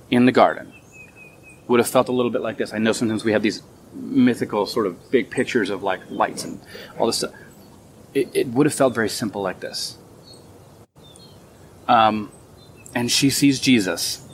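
A man giving a relaxed, conversational sermon outdoors in a small garden, thinking aloud as he teaches. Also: mid-range voice, a little hiss or hum. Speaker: pastor.

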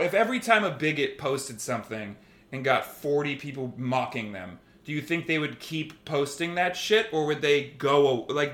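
A man's voice: fairly high pitch, a bit bright, reverberant. A man co-hosting a podcast, arguing heatedly and mocking online trolls with put-on voices. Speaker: podcast co-host. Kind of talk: heated casual debate.

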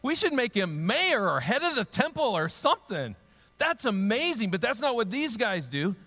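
A man with a fairly high voice preaches a sermon in a large hall, and his words ring out with a long reverb. He tells the story with humor and acts out its people in voices. He then turns quiet and earnest. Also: sing-song, normal speed. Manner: drops to a low, quiet, earnest tone. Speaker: pastor.

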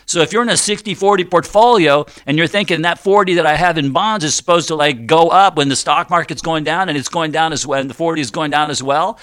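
A middle-aged man hosts a finance show on studio radio, chatty and fond of jokes. His voice sits a bit high for a man and sounds bright and forceful. He explains step by step, with many ums and restarts. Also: quick pace, few pauses, smooth. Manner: chatty, jokey, explaining step by step with frequent fillers. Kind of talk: conversational radio talk.

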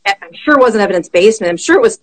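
A middle-aged woman, a physician guest, telling a personal story in conversation, animated and quick to laugh. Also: mid-range voice, low-quality recording.

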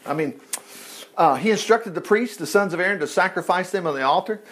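A high-pitched male preacher teaching through scripture in a lively, conversational way. He rambles into chatty asides while hunting for verses, then bursts out with praise. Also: fairly quick, slightly rough. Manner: exclaims "praise the Lord". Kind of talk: Bible teaching sermon.

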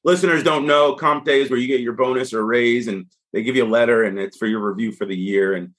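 A man's voice: medium pitch, quick pace. A middle-aged man speaking as a podcast guest, telling stories casually and acting out what people said. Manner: animated, acts out quoted speech. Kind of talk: casual conversational storytelling.

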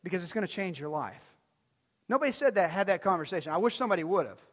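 A man with a high voice preaches a sermon, telling stories in a loose, conversational way and asking his listeners questions along the way. His words ring out with a long reverb, as in a church sanctuary. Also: expressive, fast. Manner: conversational storytelling, asks the crowd questions. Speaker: pastor.

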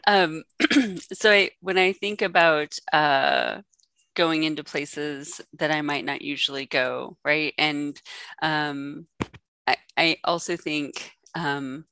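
A woman's voice: sits low, steady tone, slow pace, sharp tone, no room sound. A woman co-hosting a discussion, speaking thoughtfully with frequent ums and restarts. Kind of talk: reflective conversational discussion.

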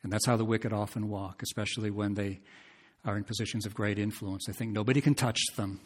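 A man's voice: lowish voice, steady tone, a little fast, slightly rough. A man preaching an expository sermon, talking conversationally, asking his listeners questions and reading scripture aloud with rising emphasis.

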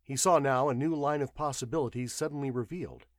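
A man's voice: medium pitch, fast talker, no room sound, clean studio sound. A man narrating an audiobook expressively, acting out the characters' voices.

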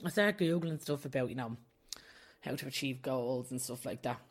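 Speaking at a moderate pace in a rumbling low voice, a young woman hosts her own solo podcast. She talks casually, candidly and confessionally, often breaking into laughter mid-sentence.

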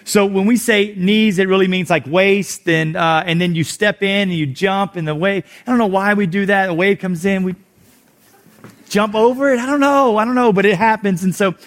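A man, a youth pastor, telling a story in a sermon, animated and energetic, dropping low and quiet at tense moments. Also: normal speed.

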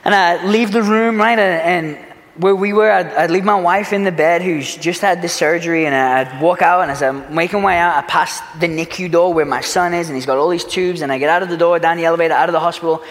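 Pastor, male, high voice, earnest sermon delivery, long church-hall reverb. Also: brisk. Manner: earnest preaching, big swings from loud urgency to hushed. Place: church sanctuary.

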